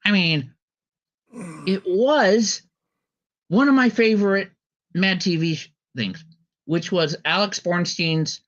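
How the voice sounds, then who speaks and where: A man's voice: high-pitched, takes it slowly, pauses often, a bit bright. A man hosting a casual podcast commentary chat, rambling with many ums and restarts. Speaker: podcast host. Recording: slightly dull lo-fi audio.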